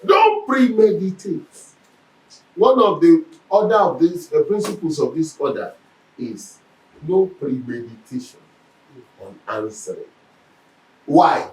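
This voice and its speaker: A man's voice: a little high, takes it slowly, long pauses, distant mic. Man teaching in an echoey room. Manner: animated storytelling, acts out quoted speech. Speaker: Bible teacher. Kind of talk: Bible lesson.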